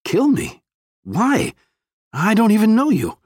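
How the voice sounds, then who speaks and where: A man's voice: medium pitch, very animated, brisk, slightly rough, no room sound, studio quality. A man voicing a wary, anxious male professor in an audiobook reading. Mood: alarmed. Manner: anxious, questioning. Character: wary, startled older male Hungarian professor.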